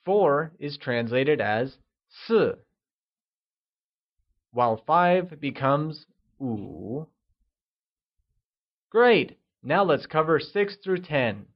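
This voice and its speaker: Slow, deliberate male language teacher. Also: on the high side, animated, dull audio. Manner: slow, deliberate, models words for repeating. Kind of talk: scripted language lesson narration.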